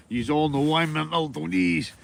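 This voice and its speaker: A man's voice: a little high, animated, takes it slowly, creaky, pushed and bright. A Northern Irish man chatting casually to livestream viewers while fishing, easygoing and full of banter, swearing freely and calling everyone mate. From Northern Ireland. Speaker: livestreaming angler.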